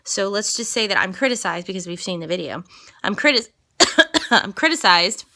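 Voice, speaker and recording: A classically trained woman teaching a singing lesson, explaining slowly and singing lines to demonstrate. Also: mid-range voice, lively intonation, pushed and bright. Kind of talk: vocal lesson with sung examples.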